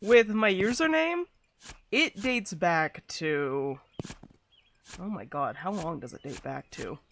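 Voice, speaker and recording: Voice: medium pitch, lively intonation, takes it slowly, a bit bright, slight background noise. A VTuber streamer chatting casually while playing a game, rambling and laughing often. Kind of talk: casual gaming stream chat.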